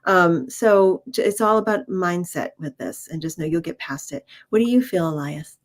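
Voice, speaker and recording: A woman co-hosting a spiritual livestream and reading cards in casual chat over a video call, laughing easily and talking in halting phrases. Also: fairly low pitch. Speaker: co-host and card reader.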